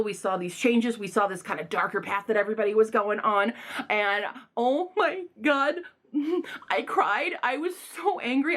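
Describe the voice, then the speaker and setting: Young woman rambling thru book reviews, kinda high voice, gets super excited n loud. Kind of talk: casual vlog book reviews.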